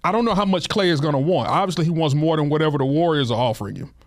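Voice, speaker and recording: A man's voice: a little high, no echo, studio quality. A man talking basketball in casual podcast chat, often repeating words as he gets a thought going. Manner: halting, repeats words when starting a thought. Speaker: podcast co-host.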